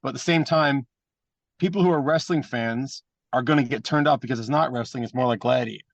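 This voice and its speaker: Fast-talking, blunt wrestler guest. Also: male voice, medium pitch, gravelly, dry recording, muffled recording. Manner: animated anecdotes with mimicked voices; profane and blunt. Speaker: guest, pro wrestler and trainer. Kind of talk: casual storytelling interview.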